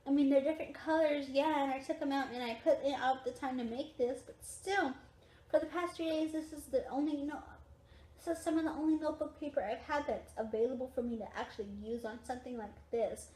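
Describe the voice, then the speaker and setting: A young woman with a high voice chats to her camera from her recliner late at night, sounding tired. She repeats her points with emphasis, and the room around her rings with echo. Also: a little fast, a little mellow. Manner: chatty, repetitive, emphatic. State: tired, yawning. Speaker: vlogger. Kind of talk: casual chat to camera. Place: at home on a recliner.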